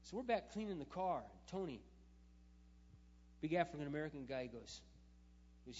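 A man, a pastor, preaching through a personal story, animated, with loud emphatic bursts and quiet asides. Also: a little high, moderate pace. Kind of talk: sermon storytelling. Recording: dull sound in a reverberant hall, faint hum.

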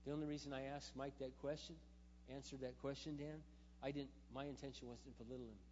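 A man, a pastor, preaching through a personal story, animated, with loud emphatic bursts and quiet asides. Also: mid-range voice, fast. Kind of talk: sermon storytelling. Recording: dull sound in a reverberant hall, faint hum.

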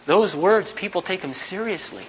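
A man's voice: high-pitched, lively intonation, normal speed, highs cut off. A man in his thirties preaching a sermon as a pastor, earnest and emphatic, repeating his key points. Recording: long hall reverb.

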